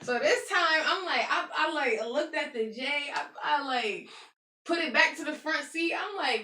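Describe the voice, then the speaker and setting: A woman's voice: high voice, moderate pace, slight background noise. A woman co-hosting a podcast, telling a story in casual chat and acting out the voices of the people in it. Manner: animated, laughing storyteller who acts out quoted lines. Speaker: podcast co-host. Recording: echoey room, mic at a distance.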